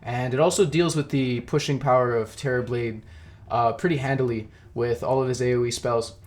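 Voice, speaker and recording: Young dude casting a game by himself, mouth full of food, kinda rambly, self-deprecating. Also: male voice, medium pitch, fairly even intonation, normal speed. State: eating while talking. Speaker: esports caster. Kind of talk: casual solo game commentary.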